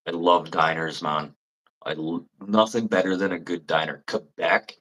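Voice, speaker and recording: A Canadian man chatting with viewers on a livestream, blunt and rambling, swearing freely and mimicking people in high mocking voices. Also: fairly bright tone, poor audio. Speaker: livestream host. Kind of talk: casual live chat with viewers.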